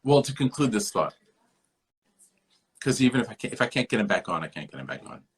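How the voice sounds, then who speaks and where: Talking a little fast in a lowish, sing-song voice with a breathy edge, this man hosts a podcast over a remote call. His rambling literary discussion lectures at length about a book, circling back to the same points as he thinks aloud.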